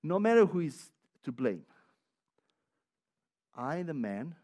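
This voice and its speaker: High-voiced man preaching with emphasis. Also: sing-song, takes it slowly, mellow, highs cut off. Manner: emphatic and repetitive, with frequent restarts; conversational, personal asides with light laughter. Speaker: pastor. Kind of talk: sermon.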